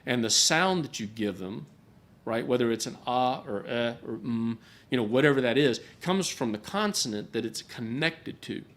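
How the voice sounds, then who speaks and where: A man's voice: medium pitch, lively intonation, moderate pace, fairly bright tone. Man teaching a Bible class. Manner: conversational, repeats words when restarting. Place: gathering hall.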